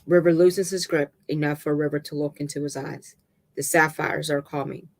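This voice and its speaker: A storyteller reading a dramatic novel aloud in a steady middle pitch, sometimes tripping over a word and starting again. The delivery is plain and unpolished. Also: vocal fry. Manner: halting reading with restarts and stumbles. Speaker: narrator.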